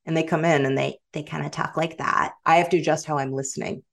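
A middle-aged woman with a general American accent, chatting as a guest author, animated and quick to laugh, often restarting her sentences. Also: low-pitched, creaky. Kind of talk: casual interview chat.

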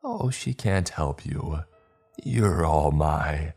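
A man's voice: rumbling low, animated, very slow, gravelly, a little mellow, husky, soft background music, full character voice. Man putting on a cooing sinister impostor woman. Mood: gloating. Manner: cooing, mocking.

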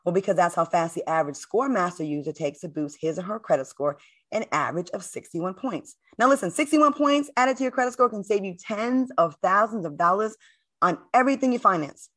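A woman's voice: mid-range voice, animated, brisk, fairly bright tone. Fiery outspoken woman talk show host. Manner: fiery, blunt, emphatic. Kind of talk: heated panel talk and read ad.

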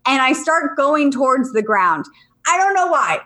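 A woman in her thirties co-hosting a podcast, chatting casually and telling stories with lively acted-out quotes. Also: a little slow. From Virginia, US. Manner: animated storyteller who acts out quotes in high voices. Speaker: podcast co-host. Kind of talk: casual chat.

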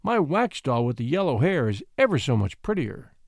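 A man's voice: medium pitch, sing-song, normal speed, dry recording, clean studio sound. A man voicing a pretty, spoiled little girl who speaks smugly.

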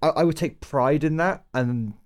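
A man's voice: fairly high pitch, moderate pace. A young man hosting a podcast, joking casually and moving the talk along. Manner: upbeat, joking, steers the show. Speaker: podcast host. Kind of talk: casual chat.

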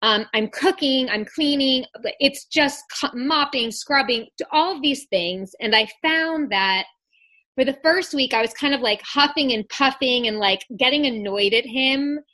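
Brief: bright, slightly high woman in her thirties, podcast co-host, candid rambling chat with swearing. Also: unhurried. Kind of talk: casual chat.

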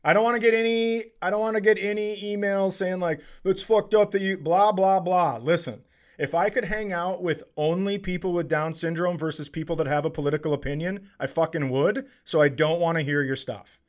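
Comedy podcast co-host, male, slightly higher voice, blunt and profane storyteller. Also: fairly quick. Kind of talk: casual storytelling chat.

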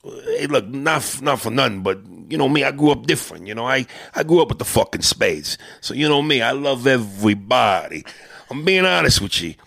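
A man's voice: mid-range voice, big pitch swings, a little fast, vocal fry, fairly bright tone, dry recording, studio quality, full character voice. A man voicing a brash, swaggering old-school tough guy.

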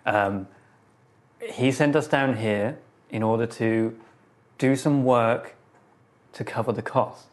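A man's voice: mid-range voice, steady tone, slow pace, long pauses. A man speaking as a player in a tabletop game, casual and a little hesitant. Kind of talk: tabletop role-play in character.

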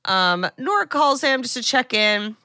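A woman co-hosts a podcast, walking through a movie's plot in loose, animated chat packed with fillers and side remarks. Her voice is bright and forward, recorded close and dry with no room around it. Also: on the high side, unhurried, smooth, dry recording. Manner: chatty, animated, many fillers and asides. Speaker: podcast co-host. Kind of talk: casual film recap chat.

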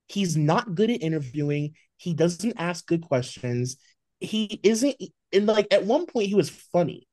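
A man's voice: fairly high pitch, darkish tone, no echo. Male co-host, emphatic and swearing, dry studio sound. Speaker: podcast co-host. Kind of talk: casual pop-culture chat.

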